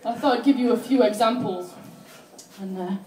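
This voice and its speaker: High-voiced woman doing stand-up. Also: normal speed. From England. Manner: lively, laughs often, acts out voices. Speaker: stand-up comedian. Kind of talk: stand-up comedy set. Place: live venue with audience laughter. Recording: echoey room, mic at a distance.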